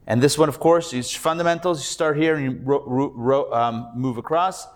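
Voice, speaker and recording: A man's voice: medium pitch, moderate pace. A male rabbi teaching a live Hebrew reading class, patiently sounding out syllables and repeating them. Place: class recorded live in a room.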